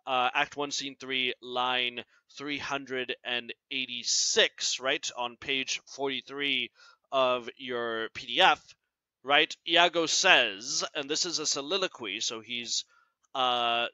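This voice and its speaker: A male teacher giving a recorded class lecture, explaining slowly and ending nearly every point with "right?". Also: mid-range voice, pushed and bright, clean tone, no room sound. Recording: dull lo-fi sound.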